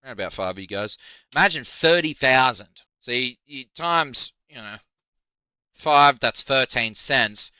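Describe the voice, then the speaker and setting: A man's voice: medium pitch, animated, a little slow, pushed and bright, clean tone, no echo, dull audio. A man doing a heated, profane reaction rant on his stream. He sounds incredulous and mocks what he hears, with short laughs. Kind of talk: ranting reaction commentary.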